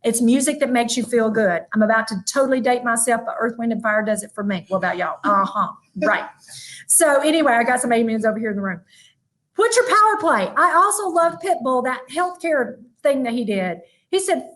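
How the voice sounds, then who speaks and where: A high-voiced woman with a Southern drawl delivers a motivational keynote. She tells her stories in a folksy, animated way and keeps turning to the audience with "y'all". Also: fairly quick, poor audio. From North Mississippi. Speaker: motivational speaker. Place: virtual event from a room with a small audience.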